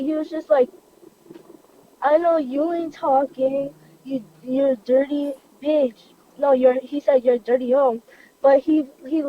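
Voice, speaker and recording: A young girl of about eleven or twelve recounting what happened to her, halting and full of restarts. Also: high-pitched, highs cut off. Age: child, about 11 or 12. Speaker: child recounting an attack. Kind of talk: recounted personal account.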